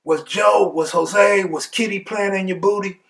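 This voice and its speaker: Loud-mouthed inmate joker, high and jeering, put on by a male storyteller. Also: expressive, a little fast, distant mic. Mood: taunting. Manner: taunting, high-pitched jeering.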